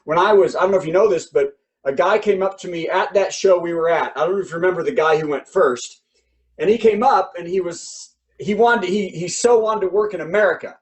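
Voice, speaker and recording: A middle-aged man hosts an online comedy show in a chatty, laughing way. His voice sits high for a man. He jokes between acts and breaks into mock impressions. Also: fairly quick, low-quality recording. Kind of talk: virtual comedy show hosting.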